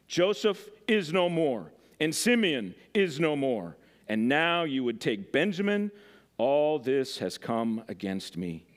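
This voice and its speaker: A man reading the lines of a grieving old father in scripture, low and mournful. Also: very animated, takes it slowly.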